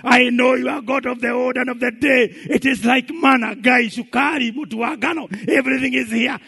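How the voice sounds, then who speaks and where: A man voicing a poor, pious woman who prays in loud, high, wailing cries. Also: steady tone, a little fast, slightly rough, heavily acted. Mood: ecstatic thanks. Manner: wailing high-pitched prayers, crying out. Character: pious poor woman praying loudly, desperate and devout.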